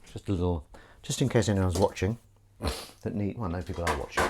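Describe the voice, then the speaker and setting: Heavy background noise surrounds this man's low voice, which runs a little fast with long pauses. Washing up in his home kitchen on a live stream, he rambles through a casual chat and jokes at his own expense while dishes and pans clink.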